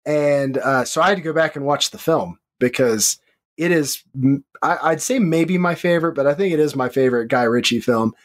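A man co-hosting a movie podcast, telling stories in an animated, casual way. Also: a little high, normal speed. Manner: animated storyteller. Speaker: podcast co-host.

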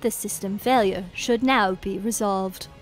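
A woman voicing a calm female AI station computer, speaking in a flat, robotic way during a video game playthrough. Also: medium pitch, measured pace, faint music behind, voice pushed down, close to an everyday voice. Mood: flat, measured.

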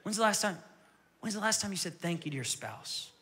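A male pastor preaching a sermon in a church with energetic, repetitive phrasing that sometimes drops to a whisper. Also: high voice, fairly quick, long reverb tail. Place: church sanctuary.

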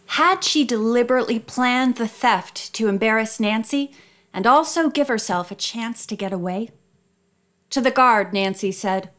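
A woman narrating an audiobook with clear, steady storytelling. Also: on the high side.

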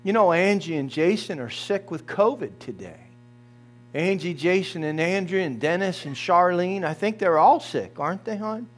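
A man's voice: high-pitched, animated, moderate pace. A man preaching a sermon as pastor, talking directly and folksily to his congregation.

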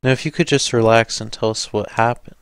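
Polite young constable, guy reading him, soft and gentle, smooth dry audiobook voice. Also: mid-range voice, fairly even intonation, brisk, dry recording, close to an everyday voice.

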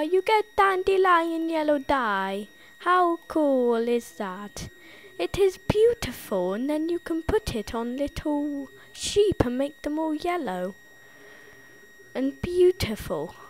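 A woman with a lisp giving playful, jumpy gameplay commentary, easily spooked and giggly. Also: high-pitched. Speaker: gameplay tutorial host.

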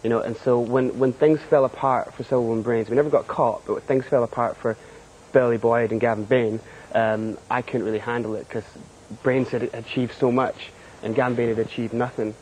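A Scottish man from Scotland, a guest author in a studio TV interview, talking haltingly with many fillers and short laughs. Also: mid-range voice, steady tone, a little mellow, a little hiss or hum, poor audio.

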